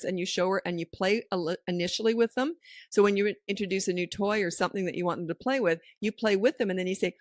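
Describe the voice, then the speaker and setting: A fast-talking middle-aged woman with a mid-range voice and fairly even intonation hosts a parenting podcast. She chats casually, offering down-to-earth advice and anecdotes in which she acts out people's lines. The studio recording has no echo.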